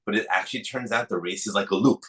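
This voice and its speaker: Man, casual conversation, reflective, thinks aloud, lowish voice. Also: quick pace, a bit bright, breathy edge, low-quality recording. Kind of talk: casual chat.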